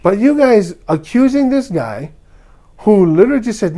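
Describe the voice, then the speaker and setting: A man's voice: high voice, sing-song, normal speed, warm tone. A man from Hawaii, hosting a podcast and ranting with heated indignation. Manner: heated and indignant, acts out others' lines. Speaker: podcast host. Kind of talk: ranting commentary.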